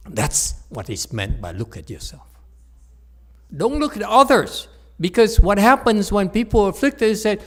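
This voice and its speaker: A man giving a teasing dharma lecture in a Buddhist hall, laughing often, repeating himself, and moving from soft asides to loud emphasis. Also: a little high, sing-song, moderate pace.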